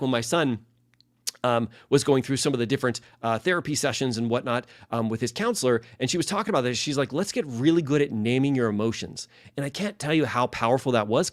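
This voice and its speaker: A man's voice: mid-range voice, dry recording, clean studio sound. A man, a leadership and life coach, teaching casually with many fillers and restarts and acting out sample phrases.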